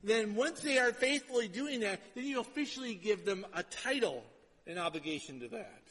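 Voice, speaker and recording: Preaching in a relaxed, conversational style, a male pastor keeps checking in with his congregation by asking "right?" He speaks at a normal speed, animated, with a high-for-a-man, slightly bright voice that echoes with a large hall's long reverb.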